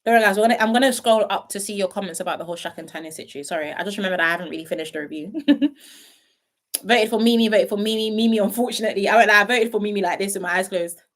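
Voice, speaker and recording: A young woman with a mid-range voice talks very fast while casually chatting on a live stream. A reality show commentator, she reads viewer comments with playful asides, laughing often and trailing off with ums.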